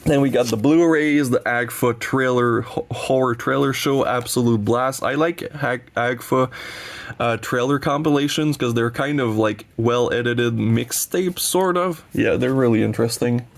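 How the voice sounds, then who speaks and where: Man, gravelly voice, a bit sniffly, casual rambling vlog, enthusiastic, mid-pitched. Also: unhurried. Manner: rambling, enthusiastic, swears when heated. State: sniffly from allergies. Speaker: horror film collector and channel host. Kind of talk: casual collection showcase vlog.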